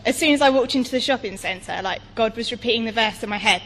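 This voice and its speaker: A woman's voice: a little high, fast, a bit bright, in a large hall, slight background noise. Hesitant young-sounding woman. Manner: hesitant, many fillers. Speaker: church member sharing a story. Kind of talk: storytelling testimony.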